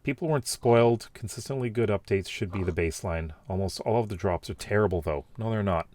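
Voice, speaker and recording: A man with a low, slightly mellow voice casually reads out viewer comments and reacts to them while he has the hiccups. He rambles, using many fillers and restarts.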